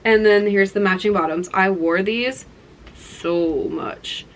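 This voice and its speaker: A young woman vlogging in a casual, excited way, gushing and rambling as she shows gifts to her viewers. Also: mid-range voice, takes it slowly, rough recording. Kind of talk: casual chat to camera.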